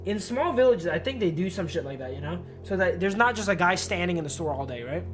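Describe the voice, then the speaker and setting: A man's voice: high voice, lively intonation, fast, few pauses, a bit bright. A man streaming a game, reading it aloud and rambling to his viewers in loose, casual asides. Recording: game music playing behind.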